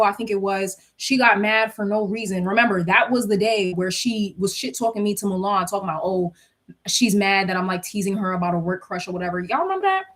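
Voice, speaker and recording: A young woman telling her viewers a workplace story in a casual, gossipy way, acting out what everyone said. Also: fairly high pitch. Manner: gossipy, animated retelling with quoted dialogue and bursts of laughter.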